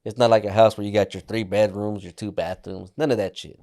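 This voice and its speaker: A man's voice: lowish voice, steady tone, a little fast, mellow. A man co-hosting a podcast, casually asking blunt questions and swearing. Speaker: podcast co-host. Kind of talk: casual chat.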